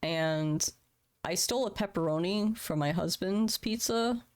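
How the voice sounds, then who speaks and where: A woman in her thirties, a streamer, speaks candidly and emotionally on a livestream from a room at home, swearing casually as she shares personal things. Her voice is lowish and unhurried.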